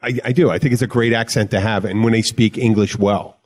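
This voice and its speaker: A man's voice: on the low side, fairly even intonation, a little fast, a little mellow. A man hosting a casual podcast chat, rambling and joking, often interrupting himself. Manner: rambling, jokey, self-interrupting. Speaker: podcast host, bartender.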